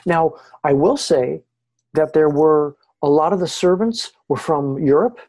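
Male interview guest who tells stories with animation; mellow tone with some breathiness. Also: a little high, measured pace. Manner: excited, lively retelling. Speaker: podcast guest. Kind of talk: animated storytelling.

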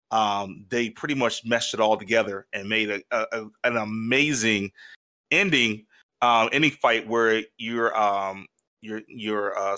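Bright-voiced man rambling excitedly. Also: lowish voice. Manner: rambling and excitable, many restarts. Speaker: podcast co-host. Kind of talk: casual podcast chat.

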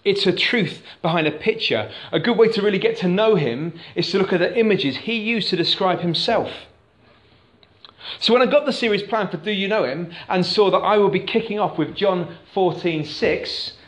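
A man's voice: high-pitched, normal speed, fairly bright tone, roomy sound. A man preaching a sermon to a congregation in a church, conversational and asking the room questions. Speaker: pastor. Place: church hall.

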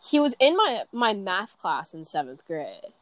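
A woman's voice: mid-range voice, sing-song, measured pace, no echo. A teenage girl in casual chat, rambling and swearing, with many fillers and restarts. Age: teens. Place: bedroom.

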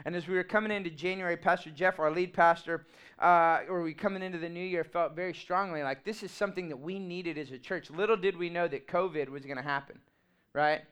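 A man, preaching a sermon in an animated, humorous and emphatic way. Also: high-pitched, a little fast, clean tone. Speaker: pastor.

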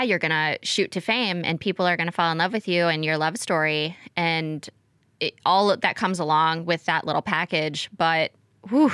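A woman's voice: fairly low pitch, a bit bright, smooth, no room sound, clean studio sound. A woman co-hosting a casual podcast chat, chatty and laughing lightly mid-sentence. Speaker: podcast co-host.

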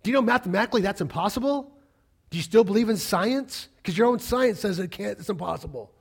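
A man's voice: high voice, lively intonation, fast, gravelly, breathy edge. A man preaching a sermon in a conversational way, often asking the congregation questions. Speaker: pastor.

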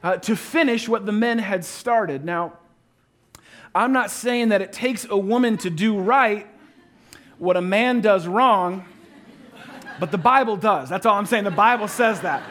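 Male pastor, high voice, storytelling sermon, playful asides, hushed reflective passages. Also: measured pace.

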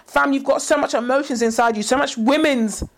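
A woman co-hosting a podcast, talking in an animated, slangy, emphatic way. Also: high-pitched, fairly quick, a little hiss or hum. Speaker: podcast co-host. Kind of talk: casual chat.

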